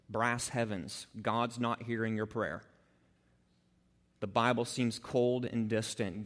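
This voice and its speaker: A male pastor preaches with lively energy, slipping into the voices of the people in his stories. His voice sits at an ordinary middle pitch and rings with a long reverb, as in a large hall. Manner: animated preaching that acts out quoted people. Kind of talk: sermon.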